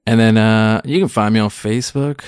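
A man's voice: on the low side, brisk, smooth, dry recording, studio quality. A man in his thirties, a stand-up comedian, chatting in an interview in a rambling, self-deprecating way full of restarts. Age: 30s. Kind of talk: casual interview chat.

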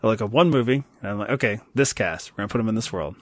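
A man's voice: on the low side, rapid-fire, dry recording, clean studio sound. A man in his thirties co-hosting a casual movie chat, rambling and self-deprecating, laughing often. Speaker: podcast co-host.

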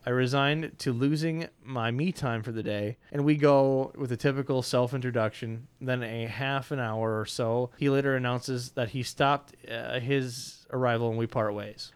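A man tells a first-person story aloud in a wry, conversational voice. His tone is smooth and resonant and sits at an ordinary pitch. He often says uh and now and then trips over a word. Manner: wry, conversational, frequent filler "uh" and small stumbles. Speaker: narrator reading a personal story.

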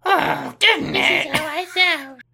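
A man doing a shrill, whiny little-girl cartoon voice. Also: measured pace, creaky, bright, forceful tone, faint music behind, exaggerated voice. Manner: whiny, high, sing-song.

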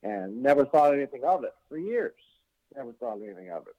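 A man's voice: medium pitch, fairly quick. Storytelling man, dull lo-fi sound. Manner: animated, swearing, acting out quotes. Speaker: podcast guest. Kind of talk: casual storytelling.

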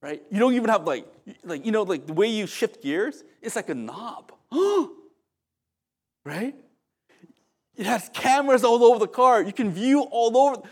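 A male pastor preaching a sermon in an animated, conversational storytelling manner with humorous asides. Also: high voice, moderate pace.

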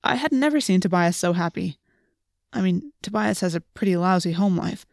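A woman narrating an audiobook in a steady, clear storytelling manner. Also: fairly low pitch, moderate pace, no echo, studio quality. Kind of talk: scripted narration.

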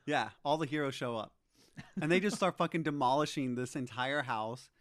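A man's voice: mid-range voice, moderate pace, a bit bright. A man in casual chat who chimes in, laughs often and swears loosely while recapping a film. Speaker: podcast co-host.

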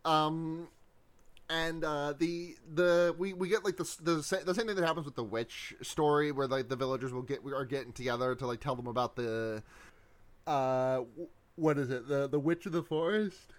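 A man's voice: on the high side, normal speed. A man co-hosting a casual movie chat, rambling with many restarts and laughing often. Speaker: podcast co-host.

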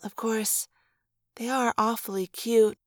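Gentle kind teen girl, woman reading her, soft-hearted, storybook reading. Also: fairly high pitch, steady tone, takes it slowly, no echo, studio quality.

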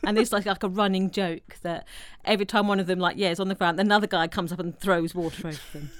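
A woman, co-hosting a casual film chat and retelling the plot with animated storytelling. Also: fairly low pitch, quick pace. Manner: animated storytelling, acts out quotes. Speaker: podcast co-host.

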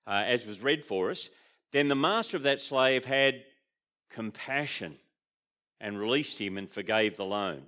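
A man's voice: medium pitch, a bit bright. A man preaching a sermon with an Australian accent, explaining in a conversational way and often asking the congregation questions. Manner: explains terms with fillers and restarts. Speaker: pastor.

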